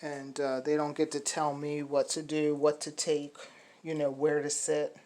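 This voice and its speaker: A woman's voice: completely flat delivery, unhurried, darkish tone, rough recording. A middle-aged woman, a dog breeder, chatting casually to puppy buyers on a phone video, rambling with many fillers and restarts. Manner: high sing-song baby talk to the puppies.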